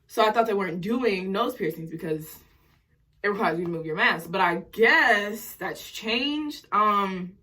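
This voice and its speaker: A young woman of nineteen talks fast and rambles, jittery from coffee. Her voice is bright with a husky edge. She records casually on a phone while getting ready at home. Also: mid-range voice. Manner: excited, rambling, fast-talking. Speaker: vlogger. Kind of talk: casual vlog chat.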